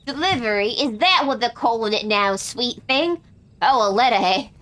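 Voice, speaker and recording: Voicing the same kind of crass, foul-mouthed lady pirate captain, a woman reads quest lines from a game in character, tripping over words as she goes. Her voice is fairly high and fairly bright, with lively intonation, a moderate pace, a gruff mood and rough old-fashioned pirate slang.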